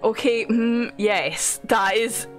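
A woman's voice: a little high, slow, faint music behind. A young woman streaming a game live, chatting casually, swearing often and laughing as she thanks viewers.

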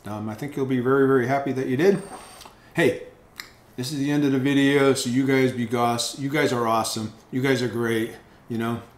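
A man's voice: medium pitch, steady tone, brisk. A man hosting a casual food review vlog, rambling with repeated words and lots of ums. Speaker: food reviewer, channel host. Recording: echoey room with faint noise.

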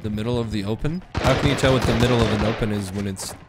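A man's voice: on the low side, rapid-fire, heavy background noise. A man streaming a shooter game with friends, joking loosely, swearing and laughing often. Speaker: gaming streamer. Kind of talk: casual gaming chat.

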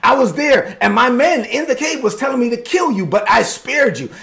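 A man's voice: very high-pitched, lively intonation, normal speed, vocal fry, fairly bright tone, voice pushed up, exaggerated voice. A man preacher voicing a bold young man who stands up to a king, with a raised, insistent delivery. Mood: bold, pleading.

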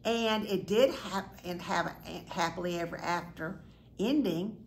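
A woman's voice: lowish voice, a little slow, vocal fry. Chatty woman reading a storybook aloud. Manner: chatty storyteller, pointing out the pictures. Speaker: children's book reader. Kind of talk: reading a picture book aloud. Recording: echoey room, faint noise.

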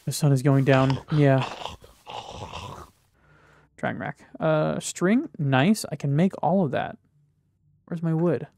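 A man's voice: on the high side, slow, gravelly, long pauses, darkish tone, a little hiss or hum. Jittery man narrating his gameplay. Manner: jittery, swears and talks to himself and the game. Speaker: gaming video creator. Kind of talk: casual gameplay commentary.

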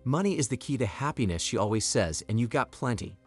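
Brief: male narrator doing a blunt, lively middle-aged woman, animated story voice. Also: medium pitch, brisk, breathy edge, soft background music. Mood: gleeful. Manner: forceful, blunt.

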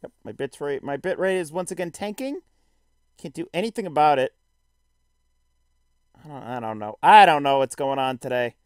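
Animated joking male streamer. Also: a little high, moderate pace, pauses often, clear, resonant tone, no room sound, clean studio sound. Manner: joking, self-deprecating. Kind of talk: live let's-play commentary.

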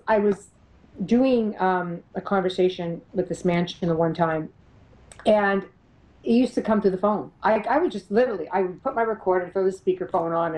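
A middle-aged woman, a paranormal investigator, telling her experiences as an interview guest, animated and laughing often as she acts out what others said. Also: fairly low pitch, rough recording. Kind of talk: storytelling in an interview.

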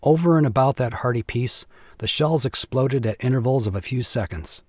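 A man reading a classic war story aloud at a measured, even pace. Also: medium pitch, no echo, studio quality. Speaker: audiobook narrator.

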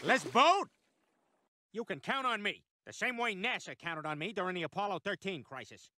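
A man voicing a loud, blustering cartoon dad who talks brashly and bosses people around in an animated sitcom. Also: high voice, normal speed. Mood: offhand. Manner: brash, bossy, shouting.

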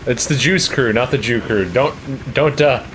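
A man's voice: mid-range voice, a little hiss or hum. A young man giving dry, wry commentary while playing a video game with a friend. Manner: dry, wry, expressive, quick to object. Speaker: co-host who uploads the videos. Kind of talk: casual gaming commentary.

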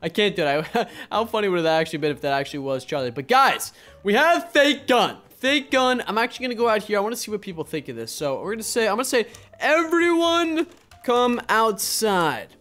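A young man with a fairly high voice chats through a round of an online game, talking to his viewers in a casual running commentary. He swings from easy rambling into sudden loud, excited outbursts. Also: rapid-fire, soft background music. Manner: excitable, jumps to loud exclamations. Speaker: gaming video host.

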